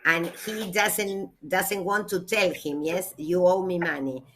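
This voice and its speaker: A woman, a literature teacher giving a classroom lecture, reading aloud slowly and explaining with hesitations. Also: fairly low pitch, fairly even intonation, a bit bright, slight background noise.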